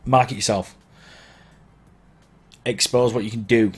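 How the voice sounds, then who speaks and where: This DJ runs an online question-and-answer stream in a mid-range, slightly rough voice, keeping his intonation fairly even and his pace measured. Hay fever has left his throat sore, but he stays casual and encouraging, chatting away, drifting off topic and correcting himself. The microphone is placed beneath the camera.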